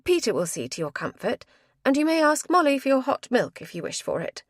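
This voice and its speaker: A woman voicing a direct, anxious gentlewoman who speaks in a raised, urgent tone. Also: sits high, big pitch swings, brisk, no echo, clean studio sound, pitched above the performer's own voice.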